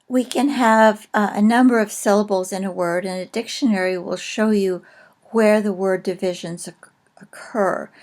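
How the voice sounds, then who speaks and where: A woman teaching a recorded lesson, explaining slowly and carefully with frequent pauses. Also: medium pitch, darkish tone. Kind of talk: recorded lecture on a language.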